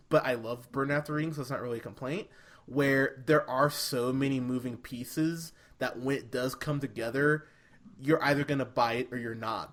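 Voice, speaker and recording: A man talks through a film review in a loose, casual podcast chat. He is animated, laughs easily and often stumbles and restarts mid-sentence. His voice sits at an ordinary mid pitch. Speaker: podcast co-host.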